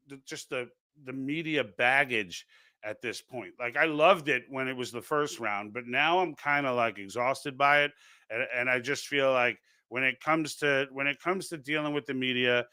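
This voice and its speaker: A man's voice: medium pitch, sharp tone, smooth, no echo. A man with a New York accent hosting a casual political livestream, reading out chat comments and rambling with frequent restarts. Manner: rambling, many restarts and repeated words.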